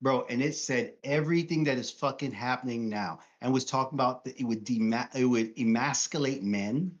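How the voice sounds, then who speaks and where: A man's voice: medium pitch, normal speed. A man from Brooklyn, co-hosting a casual live stream, blunt and profane, acting out what other people say. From Brooklyn, New York. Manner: blunt and profane, acts out quoted voices. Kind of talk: casual political chat. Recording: dull lo-fi stream audio.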